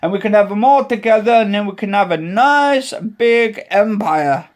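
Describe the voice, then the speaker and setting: A man putting on a daft voice of a scheming male Russian leader, halting with many fillers. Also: high-pitched, animated.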